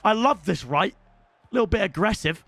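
Excitable young British male streamer, high and sharp, swears, shouts. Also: normal speed, vocal fry. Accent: British English. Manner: excitable, swears, shouts at the game, addresses viewers as lads. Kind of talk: live gaming commentary.

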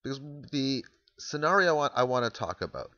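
A man's voice: medium pitch, sing-song, a little fast, sharp tone, dry recording, highs cut off. Man rambling through a football breakdown. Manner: rambling, thinks aloud, restarts sentences while walking through plays. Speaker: amateur football analyst. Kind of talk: casual spoken explainer.

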